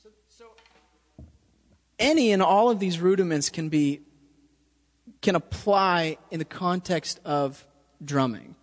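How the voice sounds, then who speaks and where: Slow and given to long pauses, this high-voiced drum teacher leads a relaxed, hands-on lesson and keeps asking "okay?" to make sure the student understands. The room is reverberant, with drums playing.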